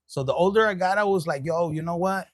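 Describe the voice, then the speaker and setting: A man's voice: high voice, quick pace, no room sound. A young man, reading tarot in a casual livestream, talking candidly with profanity and jokes and slipping into Spanish words. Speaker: tarot reader.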